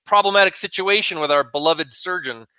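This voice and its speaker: Bright-voiced male radio co-host. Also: high-pitched, smooth, dry recording. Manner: reads out quotes and tweets, halting with fillers. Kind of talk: talk radio banter.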